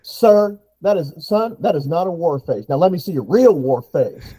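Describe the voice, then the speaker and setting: A man's voice: a little high, animated, moderate pace, dark tone, breathy edge, pitched above the performer's own voice. A man putting on the voice of a harsh male drill sergeant who barks mocking taunts. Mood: barking, mocking.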